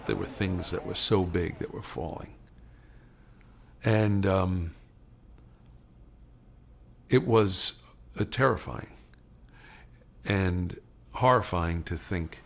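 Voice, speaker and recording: Slow gravelly-voiced male witness. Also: low-pitched, fairly bright tone, a little hiss or hum. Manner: subdued, searching for words. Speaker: eyewitness interviewee. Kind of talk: interview testimony.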